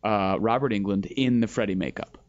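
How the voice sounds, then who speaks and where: A man's voice: lowish voice, a little fast, highs cut off. A man who does cosplay, chatting casually on a podcast in an easygoing, agreeable way.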